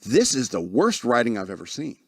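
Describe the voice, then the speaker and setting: A man's voice: mid-range voice, huge pitch swings, a little fast, a little mellow, husky, no room sound, clean studio sound. A man hosting a talk radio show, reading news stories aloud and breaking off into sarcastic asides and complaints. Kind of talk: casual news commentary.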